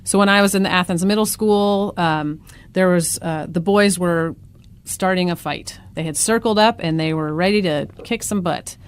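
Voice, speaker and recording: Calm, low-voiced American woman educator. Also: normal speed, smooth. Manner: calm and explanatory. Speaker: guest educator. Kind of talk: casual discussion.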